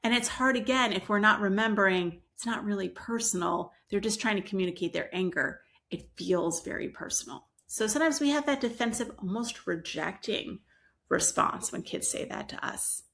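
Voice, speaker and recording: A woman giving parenting advice in a calm, explanatory solo talk, sometimes acting out what a parent might say. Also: mid-range voice, normal speed, creaky. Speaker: parenting educator.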